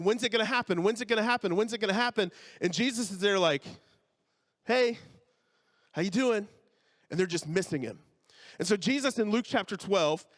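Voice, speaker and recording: Man pastor, high voice, casual joking sermon delivery. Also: fairly bright tone. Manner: conversational, joking asides, checks in with the congregation.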